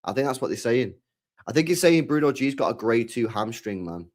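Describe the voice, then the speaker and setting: A young man chats casually as a streamer, rambling in slang and swearing freely. He repeats phrases, and his pitch swings up and down a lot. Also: expressive, brisk. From England. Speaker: streamer chatting with viewers. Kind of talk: casual chat.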